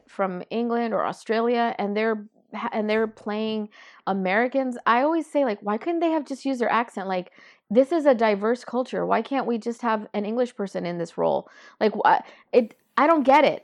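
A woman in a casual movie review chat who talks emphatically and keeps asking rhetorical questions. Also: a little high.

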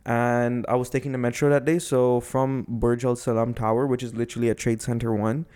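A man in the middle of a relaxed podcast chat, telling a long story. He talks casually and acts out the people he met, at a voice of average pitch. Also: brisk, smooth. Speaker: podcast co-host.

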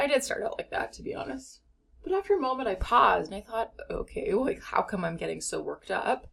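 A woman explaining step by step how couples can handle conflict, earnest and at times playful. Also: mid-range voice. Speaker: relationship educator.

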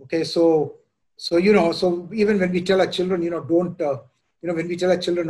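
Candid, chatty pastor with a raised voice. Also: male voice, on the high side, steady tone, quick pace, darkish tone, rough recording. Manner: conversational, frequent "you know" and "right?" tag questions; candid and self-reflective. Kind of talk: informal Bible teaching.

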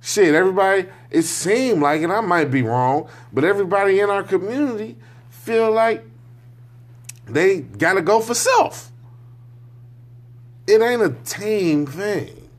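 A man's voice: sits high, expressive, a little slow. A man talking in a loose, rambling monologue, frank and profane, often checking in with his listener. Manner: loose, rambling, often asks "you know what I'm saying"; frank and profane, with slangy speech. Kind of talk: casual monologue.

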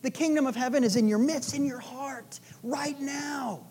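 A woman's voice: sits high, moderate pace, dark tone, breathy edge. A woman preaching a sermon in a casual, playful storytelling way, with chatty asides to the listeners. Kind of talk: conversational sermon.

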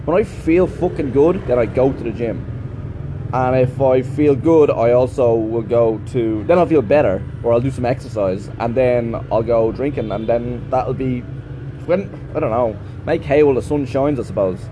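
A man's voice: medium pitch, moderate pace, noisy background. A man who teaches English, talking in a chatty, rambling vlog monologue and swearing freely.

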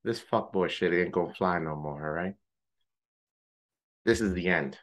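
A man co-hosting a podcast, telling a story in casual chat, animated, swearing freely and mimicking friends in high joking voices. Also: measured pace. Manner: swears casually, uses gamer slang. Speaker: podcast co-host.

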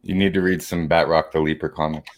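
Male co-host, very low voice, relaxed banter, dry close mic. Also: fast, no room sound. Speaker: podcast co-host. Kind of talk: casual live-stream chat.

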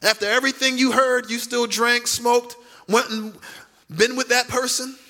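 High, bright-voiced preaching pastor. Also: male voice, level tone. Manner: preaching with dramatic pauses and emphatic drawn-out words; conversational, asks the congregation direct questions. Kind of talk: sermon. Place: church sanctuary.

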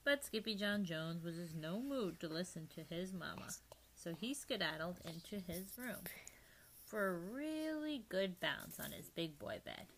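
A woman reading a children's storybook aloud, lively and playful, sometimes dropping to a hushed whisper. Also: fairly low pitch, a little slow, slight background noise, low-quality recording. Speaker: reader.

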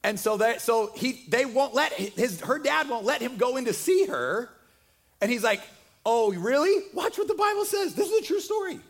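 A man preaching a casual, storytelling sermon, joking and talking in an animated, conversational way. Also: extremely high pitch, moderate pace.

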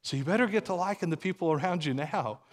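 A man's voice: fairly high pitch, expressive, fast talker, big-room sound. A man preaching a sermon in a conversational way, repeating words as he restarts and laughing now and then. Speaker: pastor.

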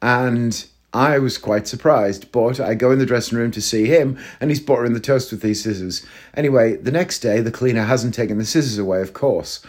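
Speaking a little fast in a slightly mellow, medium-pitched voice, this thirtysomething actor hosts a solo comedy podcast. His casual monologue wanders through stories as he pokes fun at himself.

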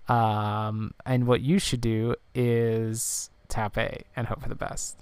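A man hosting a relaxed gaming podcast, sleepy and rambling, with many fillers. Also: fairly low pitch, slow, clear, resonant tone, no room sound. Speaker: podcast host. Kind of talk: casual game playthrough chat.

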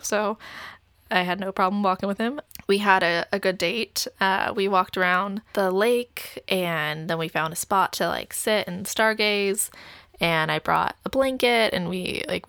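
A young adult woman casually tells a dating story, chatty and leaning heavily on "like" with frequent light laughs. Her medium-pitched voice is fairly bright, recorded at studio quality with no echo.

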